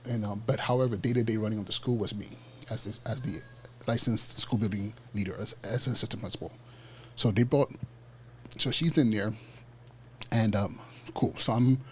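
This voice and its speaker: Animated man telling a story on a podcast. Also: medium pitch, a little hiss or hum. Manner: animated, acts out quoted dialogue in street slang; frequent fillers and self-restarts. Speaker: podcast host. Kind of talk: casual personal storytelling.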